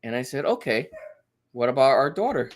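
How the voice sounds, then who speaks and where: A man's voice: medium pitch, normal speed. A man in his thirties chatting casually as a podcast guest, telling a story and acting out the quoted lines. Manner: animated storyteller, acts out quotes. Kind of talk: casual chat.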